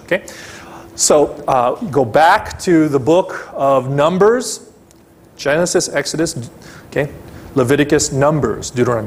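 A male pastor preaching a sermon, slow and emphatic, repeating key phrases and rising into bursts of emphasis. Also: a little high.

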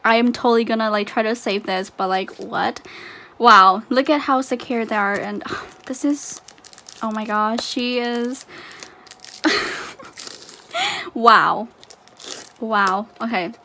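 A woman's voice: on the high side, big pitch swings, slow pace, pauses often, pushed and bright. A woman talking casually while unboxing a haul for her channel, gushing with exclamations and fillers. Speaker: YouTuber unboxing a photocard haul.

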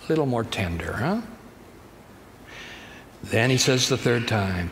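A man's voice: medium pitch, fairly quick, a bit bright, a little hiss or hum. A man pastor preaching a sermon in a conversational, storytelling manner, recorded in a church sanctuary. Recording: church hall reverb, faint ambience.

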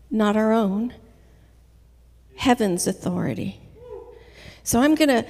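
A woman preaching a sermon in a church, telling her story in an earnest, measured way. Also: a little high, expressive, darkish tone. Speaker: guest preacher. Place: church sanctuary. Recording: reverberant church hall.

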